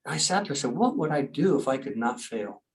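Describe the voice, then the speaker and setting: Animated middle-aged man telling stories. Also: mid-range voice, fast, far from the mic, low-quality recording. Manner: animated storyteller, acts out quoted voices. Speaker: pastor and former military rescue specialist. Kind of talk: storytelling in an interview.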